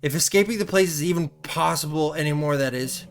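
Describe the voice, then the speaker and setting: A man voicing a desperate male prisoner lost in dungeons in a horror game, speaking low, hurried and weary. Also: close to an everyday voice.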